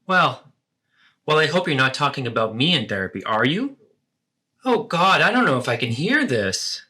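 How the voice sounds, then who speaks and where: A man's voice: fairly high pitch, very animated, normal speed, sharp tone, breathy edge, exaggerated voice. A man voicing a self-absorbed, defensive middle-aged mother in a therapeutic role-play, talking over her child. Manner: dramatic, guilt-tripping, talks over her child.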